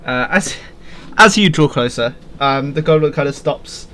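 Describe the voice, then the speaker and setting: A man's voice: on the high side, expressive, moderate pace, pushed and bright, slight background noise. A man narrating as game master on a voice call, hesitant and full of fillers, often laughing. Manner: hesitant, many fillers, giggly. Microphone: headset or desk mic on a call.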